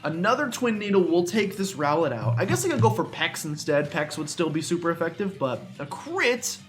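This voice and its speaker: A man's voice: fairly high pitch, sing-song, brisk, faint music behind. A young man commenting on a video game playthrough in a chatty, self-mocking way, often talking straight to the game. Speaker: gaming YouTuber. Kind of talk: let's play commentary.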